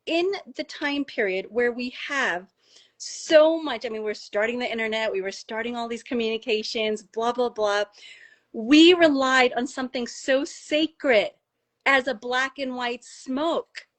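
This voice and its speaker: A middle-aged woman from the United States, a doctor telling a personal story in casual conversation, animated and rising high when she gets emotional. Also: a little slow. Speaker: doctor and podcast guest.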